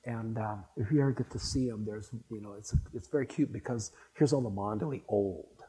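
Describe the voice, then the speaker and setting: A man's voice: on the low side, brisk, warm tone, poor audio. An older man speaking to a spiritual gathering, rambling and anecdotal, with frequent restarts as he reminisces. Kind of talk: reminiscing talk to an audience.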